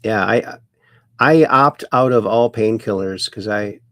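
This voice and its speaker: Chatty, gravelly livestream host; a folksy man reading chat comments aloud, in a dry room. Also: lowish voice, measured pace, fairly bright tone, no room sound. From Ireland.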